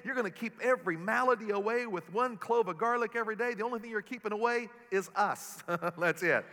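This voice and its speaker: A pastor preaches with a bright, forceful voice that sits high for a man. He tells stories with humor, and his words ring out through a large auditorium with a long reverb. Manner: animated storytelling preacher with humor. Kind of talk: sermon.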